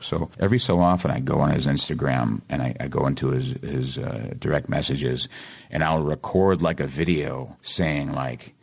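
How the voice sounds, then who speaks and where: Boston man in his 40s, interview guest, low gravelly voice, animated storyteller. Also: moderate pace. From Massachusetts. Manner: animated storyteller, acts out quotes. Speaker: actor guest. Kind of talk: casual interview chat.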